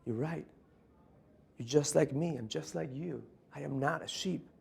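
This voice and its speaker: Brief: meek young lion cub, pleading, pitched up and soft, done by a male speaker. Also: a little slow, gravelly, slightly rough, heavily acted. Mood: dawning. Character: timid young male lion raised as a sheep.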